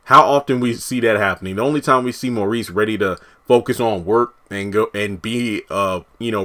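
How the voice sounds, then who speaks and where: A man's voice: fairly low pitch, a bit bright. A man, a TV reviewer, casually recapping an episode, rambling and correcting himself as he quotes the characters.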